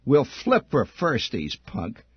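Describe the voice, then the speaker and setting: A man's voice: medium pitch, wildly swooping pitch, slow pace, slightly rough, no room sound, muffled recording, pitched above the performer's own voice, heavily acted. A man voicing a menacing, contemptuous schoolyard bully boy who snarls and barks insults. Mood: snarling menace.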